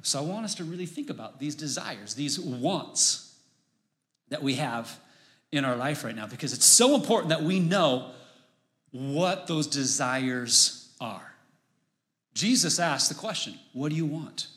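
A man preaching a casual sermon, conversational and animated, acting out voices as he retells a story. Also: fairly high pitch, measured pace. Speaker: pastor.

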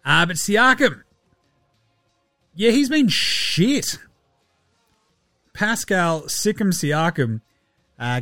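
A man's voice: sits high, animated, extremely slow, long pauses, pushed and bright, no echo, clean studio sound, soft background music. A man with an Australian accent hosting a casual sports podcast, joking, swearing and mocking. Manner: sweary, jokey, mocking impressions. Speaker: podcast host.

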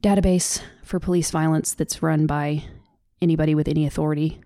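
A woman's voice: deep voice, fairly even intonation, a little fast, dry recording, clean studio sound. A woman with a Southern American accent co-hosting a podcast, talking earnestly and off the cuff. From Southern United States. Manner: earnest, loose and off the cuff, soft laughs. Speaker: podcast co-host. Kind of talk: casual podcast discussion. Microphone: studio microphone.

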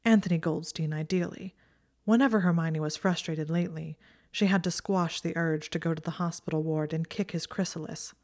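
A woman narrating a story aloud in a steady, even manner. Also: sits low, fairly quick. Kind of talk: audiobook narration of fan fiction.

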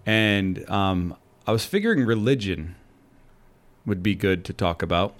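A man's voice: low voice, expressive, unhurried. A man hosting a casual podcast, loose and laughing as he drinks shots with a guest. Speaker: podcast host. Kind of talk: casual chat.

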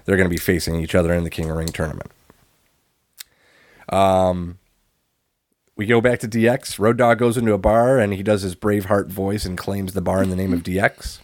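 A man co-hosting a podcast, recapping matches in a deadpan play-by-play and swearing freely. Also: low-pitched, normal speed, pauses often, dry recording. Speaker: podcast co-host recapping wrestling. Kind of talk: casual chat.

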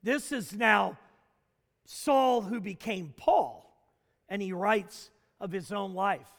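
A man preaching a sermon as a pastor, asking the congregation questions and building to shouts. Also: sits high, a little slow. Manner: animated preaching with rhetorical questions, rising to shouts. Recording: long hall reverb.

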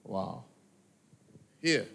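A man's voice: very slow, a bit bright, a little hiss or hum. A man with an African accent addressing a church gathering, questioning listeners directly in a coaxing way. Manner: coaxing, direct, asks the audience many questions.

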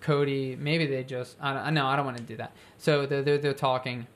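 A co-host pitching a film plot in casual brainstorming chat, rambling and acting out bits of dialogue. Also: a little fast. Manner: rambling, animated storytelling with acted-out quotes.

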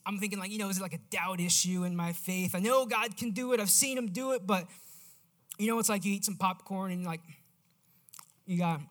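A man preaching a sermon in a casual, animated storytelling manner. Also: high voice.

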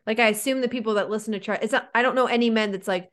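A woman co-hosting a podcast in casual chat, animated and sarcastic, with lots of "like". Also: on the high side, racing. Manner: animated and sarcastic, heavy use of "like". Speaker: podcast co-host.

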